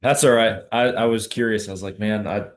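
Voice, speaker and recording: A man's voice: on the low side, steady tone, a little fast. A man hosting a podcast interview, easygoing and often restarting his sentences. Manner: easygoing, hesitant, many restarts. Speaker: podcast host. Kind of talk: casual interview.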